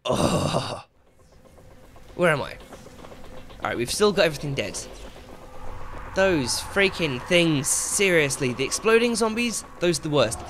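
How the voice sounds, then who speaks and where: A man giving excitable let's play commentary, swearing and shouting at the game as he plays. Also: on the high side, normal speed, pauses often, a little hiss or hum. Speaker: gaming channel host. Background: game music and sound effects.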